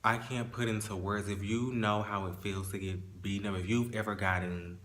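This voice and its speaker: A man telling a painful personal story in a casual monologue, halting and restarting as he holds back tears. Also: lowish voice, little pitch movement, a bit bright.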